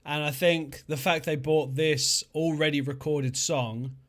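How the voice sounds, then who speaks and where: Male podcast host, blunt and jokey, somewhat high-pitched, loose banter. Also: steady tone, a little slow, fairly bright tone. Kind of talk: casual chat over drinks.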